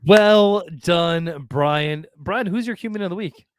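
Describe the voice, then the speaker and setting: A man's voice: sits high, slow pace, slight background noise. A man hosting a casual podcast, laid-back and encouraging toward his co-host.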